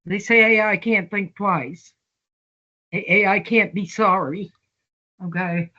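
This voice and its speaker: A woman's voice: medium pitch, pushed and bright, lo-fi sound. An older woman telling long stories in an interview, acting out quoted dialogue as she goes. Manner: slow storytelling, acts out quoted dialogue. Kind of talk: long-form conversational interview.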